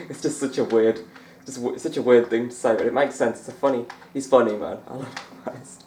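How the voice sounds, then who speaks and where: A man's voice: medium pitch, fairly quick, dark tone, reverberant, slight background noise. A young man chatting casually over a snooker game as a gaming YouTuber, rambling and laughing often. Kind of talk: let's-play commentary.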